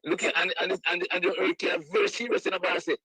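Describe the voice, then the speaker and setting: A man calling a show, talking quickly in patois. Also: high voice, fairly even intonation, pushed and bright, breathy edge, dry recording. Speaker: caller. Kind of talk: phone call to a show.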